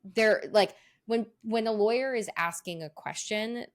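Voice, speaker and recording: Woman co-host, mid-pitched, loose chatty delivery with easy laughs and casual swearing. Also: unhurried. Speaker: podcast co-host. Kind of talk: casual chat.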